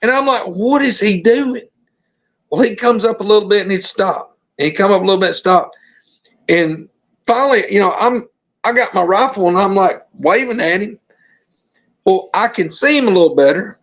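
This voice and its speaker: Middle-aged man from Alabama, Southern accent, high-pitched, animated storytelling podcast guest. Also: brisk. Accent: Southern American. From Alabama, USA. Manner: animated, acts out the scenes.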